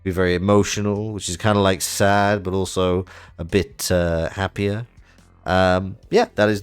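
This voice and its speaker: A man's voice: low-pitched, measured pace, clean tone, soft background music. A man chatting casually on a live stream while playing a card game, self-mocking and trailing off with fillers.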